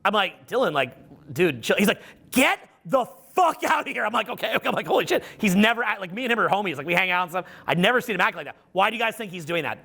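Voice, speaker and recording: Middle-aged male coach addressing a live audience, high bright voice, swears a lot and acts out the quotes. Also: very fast. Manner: animated, profane storytelling with acted-out quotes. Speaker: social skills coach. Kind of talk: live seminar talk.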